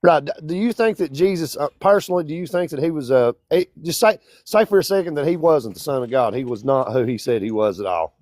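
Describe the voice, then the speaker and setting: A man's voice: fairly high pitch, expressive, fast talker, few pauses, a little mellow, dry recording. Man, Kentucky accent, caller, stumbling, self-deprecating, just out of bed, dry sound. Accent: Kentucky, near the Tennessee line. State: just woke up. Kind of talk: casual debate call-in.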